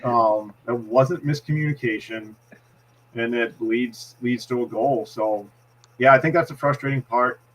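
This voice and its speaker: A man's voice: medium pitch, steady tone, unhurried, poor audio. A man with a Boston accent, a hockey analyst giving a postgame breakdown, explaining plays step by step with frequent restarts. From Massachusetts.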